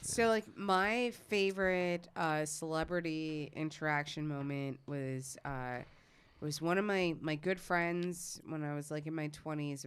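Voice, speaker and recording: A woman's voice: sits low, smooth. A woman, casually telling a story on a podcast, swearing freely and acting out the other people's lines. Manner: animated storyteller, swears freely, acts out quoted voices. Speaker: podcast co-host.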